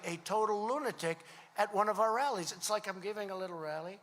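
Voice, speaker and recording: High-pitched and a bit bright, this fast-talking man in his seventies rambles through a repetitive rally speech, telling conversational stories. A little hiss or hum sits on the recording, which carries long reverb from the large hall.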